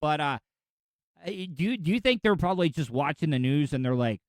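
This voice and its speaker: A man in his forties from Florida rambles through a solo podcast, opinionated and chatty. His voice sits a little high for a man. The sound is dry and close, with almost no room around it. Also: lively intonation, brisk, no room sound. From Florida, USA. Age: 40s. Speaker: podcast host. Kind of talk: casual solo podcast monologue.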